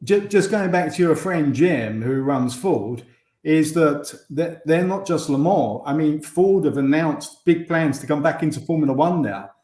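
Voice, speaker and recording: A man's voice: on the high side, animated, a little slow, mellow, roomy sound. An English man, a former racing driver, chatting as a guest over a video call and often restarting his sentences. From England. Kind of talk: casual interview chat.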